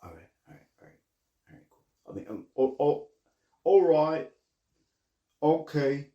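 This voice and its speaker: A man's voice: on the high side, animated, a little slow, reverberant, dull audio. A man speaking hesitantly with many fillers in an amateur comedy sketch.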